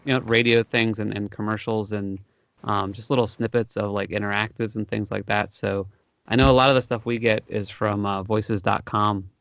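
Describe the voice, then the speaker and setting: A man co-hosting a podcast, asking questions in a relaxed, rambling way. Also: fairly low pitch, moderate pace, dry recording. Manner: relaxed, rambling, many fillers. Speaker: podcast co-host. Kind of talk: casual podcast interview. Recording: dry, muffled sound.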